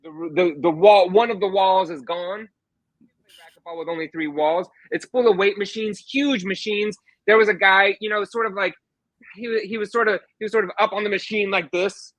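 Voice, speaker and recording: Guest author type, man, high and bright, lively storyteller, dry close sound. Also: no echo. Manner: animated storyteller, quick restarts. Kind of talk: casual anecdote telling.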